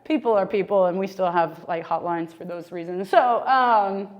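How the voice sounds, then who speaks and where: A woman's voice: mid-range voice, moderate pace, muffled recording. Chatty woman leading a Bible discussion. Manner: animated, conversational, heavy use of "like". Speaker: Bible study discussion leader. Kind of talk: casual teaching discussion.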